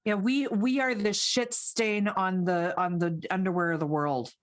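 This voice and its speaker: A woman performing improvised comedy, blunt and deadpan in her questions. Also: medium pitch, measured pace. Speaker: improv player.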